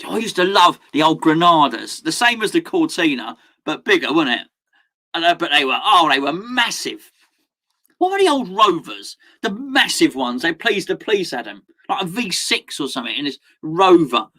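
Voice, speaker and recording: A sing-song, fairly high voice, pushed and bright, moves at a moderate pace. It belongs to a man hosting a live football watchalong who chats with viewers, reads their messages aloud, laughs often, and has sudden outbursts.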